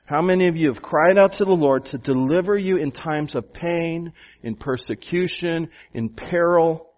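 A man's voice: fairly high pitch, normal speed, a little mellow. A man preaching a sermon as pastor, asking the congregation rhetorical questions and repeating phrases for emphasis. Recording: dull, lo-fi sound.

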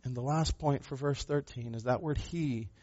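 A pastor preaching a sermon, a man who speaks with emphasis, asks rhetorical questions and moves between loud and soft passages. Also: mid-range voice, normal speed, dull audio.

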